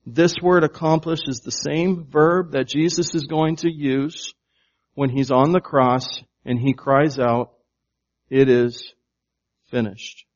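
A man's voice: fairly high pitch, fairly even intonation, measured pace, lo-fi sound. A man preaching a sermon, emphatic and shifting his volume to stress words, often asking his congregation questions. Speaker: pastor.

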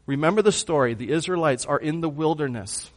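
Guy preaching, kinda high voice, goes quiet then loud, asks the church stuff. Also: brisk. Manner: swings from hushed to loud, emphatic; asks the congregation questions. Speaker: pastor. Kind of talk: sermon.

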